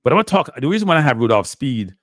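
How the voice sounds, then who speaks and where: A man hosting a casual football talk show, asking animated rhetorical questions and talking with Jamaican-tinged phrasing. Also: medium pitch, very fast, no echo, clean studio sound. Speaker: show host.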